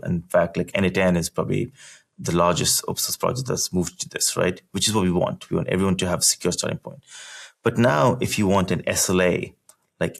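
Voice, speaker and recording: A man with a very low voice and a gravelly, fry-edged tone, speaking as a podcast guest. He explains technical topics in a relaxed, conversational way. His sentences run loose, with plenty of "like" and restarts. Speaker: podcast guest, engineering executive.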